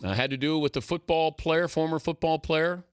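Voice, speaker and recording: A man's voice: a little high, moderate pace, clear, resonant tone, no room sound, studio quality. A man hosting a radio talk show, chatty and teasing his guest with trivia. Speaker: radio host. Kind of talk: casual radio chat.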